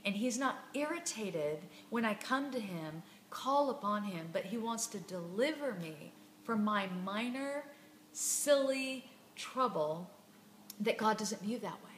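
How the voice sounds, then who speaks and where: A woman's voice: mid-range voice, animated, measured pace, a bit bright, roomy sound, a little hiss or hum. A woman hosting a devotional Bible reflection, speaking earnestly and emphatically and repeating words for stress. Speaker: podcast host.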